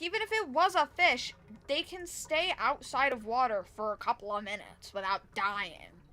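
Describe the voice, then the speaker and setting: A woman's voice: sits high, pushed and bright, slight background noise. A young woman streaming a game and telling a rambling, exasperated story about work, full of restarts and fillers. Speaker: live streamer. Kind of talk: casual storytelling while gaming.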